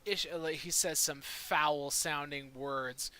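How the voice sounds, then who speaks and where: A man's voice: a little high, fairly even intonation, slow pace, pushed and bright, smooth. A young man running a tabletop game as dungeon master, narrating in a laid-back way with many fillers.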